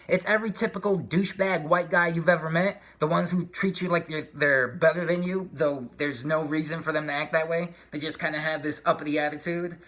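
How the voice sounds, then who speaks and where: A man vlogging in a casual, rambling spiritual rant, slangy and profane, with shouted outbursts. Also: fairly high pitch. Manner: slangy street talk.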